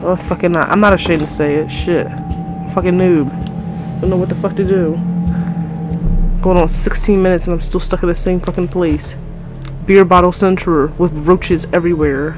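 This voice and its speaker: A woman's voice: fairly low pitch, fairly even intonation, moderate pace. A young woman playing a horror game, commenting to her viewers, easily frustrated and swearing often, with faint music behind her. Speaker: gamer.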